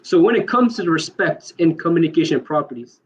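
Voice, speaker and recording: A man in a heated online debate, pressing his questions fast and insistently, talking over the other side. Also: on the high side, animated, muffled recording.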